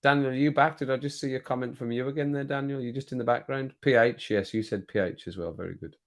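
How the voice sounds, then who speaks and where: A man's voice: medium pitch, fast. Man, streamer host, easygoing natter with viewers, reads chat aloud, laughs a lot. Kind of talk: casual live-stream chat.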